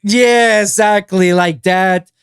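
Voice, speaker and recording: A man hosting a casual podcast chat, animated and swearing freely, with lots of fillers. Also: sits high, slow, gravelly, clear, resonant tone, no room sound, studio quality. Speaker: podcast host.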